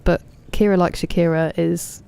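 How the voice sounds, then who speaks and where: A woman in her thirties, a game streamer, chatting casually while she plays, answering chat and muttering softly to herself. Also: fairly low pitch, steady tone, moderate pace, gravelly, clear, resonant tone. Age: 30s.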